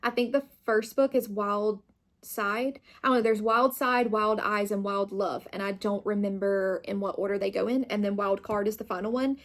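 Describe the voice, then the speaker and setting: A woman's voice: medium pitch, fairly even intonation, normal speed. Young woman chatting about books, bubbly, gushy, lots of likes and fillers. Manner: bubbly, gushing, filler-heavy. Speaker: book vlogger. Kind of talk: casual chat.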